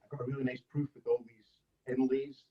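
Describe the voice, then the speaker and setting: A man's voice: mid-range voice, little pitch movement, brisk, slightly rough, lo-fi sound. A male author acting as guest interviewer, praising the book in a rambling lead-in before asking his question over a video call.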